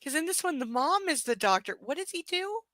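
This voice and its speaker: A woman's voice: high-pitched, sing-song, a little fast, pushed and bright, no room sound, low-quality recording. A woman streaming, reading a novel aloud and chatting bluntly, swearing freely and ranting animatedly. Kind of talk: casual live-stream reading and chat.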